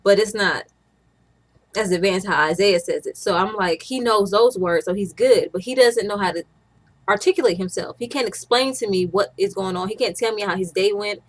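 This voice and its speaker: A woman's voice: mid-range voice, normal speed. A young woman, a stay-at-home mom, chatting casually to camera in a rambling way, often restarting her sentences.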